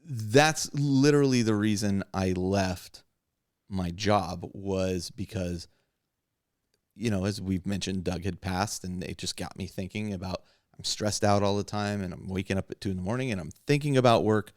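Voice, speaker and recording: A man's voice: deep voice, normal speed, no echo, clean studio sound. A man hosting a podcast, chatting casually and candidly about his hobby and life, rambling and laughing often. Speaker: podcast host.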